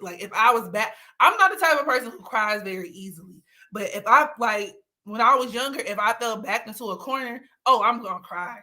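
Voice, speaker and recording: A young woman talks in a bright, slightly high voice, chatting casually on a livestream. She tells candid stories with a lot of laughter and breaks now and then into exaggerated, teary mock pleading. Her delivery is loose and unfiltered. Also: animated, a little fast, hardly any pauses. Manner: candid storytelling with frequent laughter; swings into dramatic, teary mock outbursts. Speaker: livestream host. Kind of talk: casual chat.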